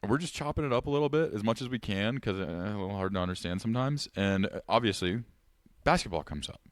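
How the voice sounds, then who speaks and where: Man, podcast co-host, deep voice, casual chat, animated, dry sound. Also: fast, no echo. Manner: animated storyteller, acts out quotes.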